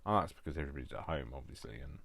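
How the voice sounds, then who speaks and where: A man's voice: rumbling low, expressive, very fast, creaky, fairly bright tone, dry recording. A man hosting a live crafting demonstration from home, chatting in a rambling, self-deprecating way with many fillers. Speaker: craft video host.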